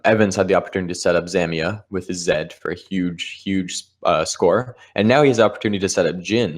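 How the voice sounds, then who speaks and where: A man giving live commentary on a board game match, explaining the strategy of each move. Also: sits low. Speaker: Scrabble commentator.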